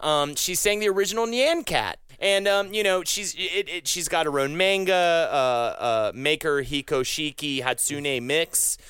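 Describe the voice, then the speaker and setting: A man's voice: fairly high pitch, a little slow, hardly any pauses, fairly bright tone, smooth, no echo. A man hosting a casual comedy podcast, rambling with fillers and laughing often. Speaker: podcast host.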